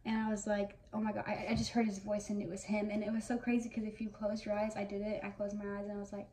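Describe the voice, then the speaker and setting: A woman's voice: medium pitch, little pitch movement, fast talker, warm tone. A woman of about twenty telling fan memories in a casual, gushing way, full of fillers. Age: around 20. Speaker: vlogger. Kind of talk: casual reminiscing monologue. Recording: echoey room, mic at a distance, faint noise.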